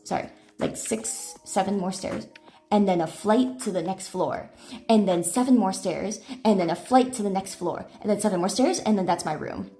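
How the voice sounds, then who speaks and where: A woman's voice: mid-range voice, vocal fry, warm tone. A woman streamer chatting casually, telling rambling stories full of fillers and self-corrections. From United States. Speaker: IRL streamer. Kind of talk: casual live-stream chat.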